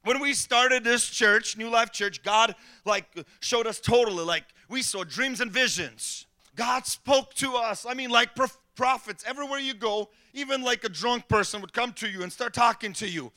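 A man's voice: extremely high pitch, normal speed, hardly any pauses. A man preaching a sermon as pastor, telling personal stories and acting out what people said to him. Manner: animated storytelling, acting out quotes.

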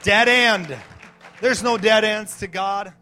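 A man's voice: high-pitched, slow pace, pushed and bright, soft background music. A man preaching a fervent sermon, rallying the listeners with exclamations and calls to the crowd. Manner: rallying, exclamatory, call-and-response.

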